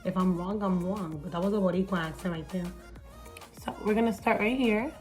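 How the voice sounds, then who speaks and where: A woman's voice: lowish voice, fairly quick, a little mellow. Woman comedian, playful makeup-tutorial talker who swears freely and code-switches into Spanish, light music under. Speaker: comedian and TV host. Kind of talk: casual makeup tutorial chat.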